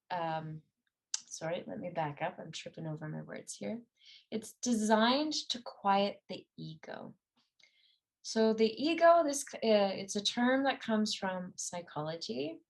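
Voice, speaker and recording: A middle-aged woman teaching a mental-training class, speaking in an earnest, conversational way with some fillers and self-corrections. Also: mid-range voice. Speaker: meditation and ski performance teacher. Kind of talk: guided class talk.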